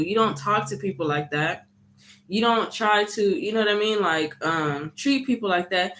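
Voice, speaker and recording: Woman vlogger with a bright voice, lively storyteller who acts out the dialogue. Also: medium pitch, normal speed. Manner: animated storytelling, frequent "you know what I mean". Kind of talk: casual storytime vlog.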